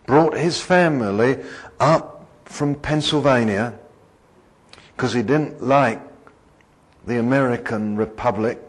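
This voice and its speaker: A man preaches to a congregation in an easy, rambling way, turning often to ask his listeners questions. His voice is slightly husky and he talks slowly. His pitch rises and falls a great deal. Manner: conversational, digressive, asks the congregation questions. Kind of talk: sermon.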